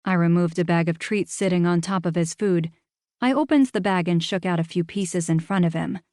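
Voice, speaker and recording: A woman's voice: fairly low pitch, normal speed, mellow, no echo. A woman narrating a first-person audiobook with a wry, dry-humored delivery.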